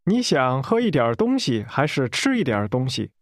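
A man modeling phrases in a language course drill with careful, deliberate pronunciation. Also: mid-range voice, very animated, dry recording, clean studio sound.

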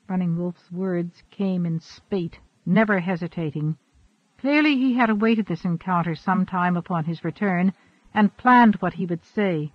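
A man narrating an audiobook in a steady, expressive storytelling manner. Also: high-pitched, a little slow, no room sound. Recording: dull, dry recording.

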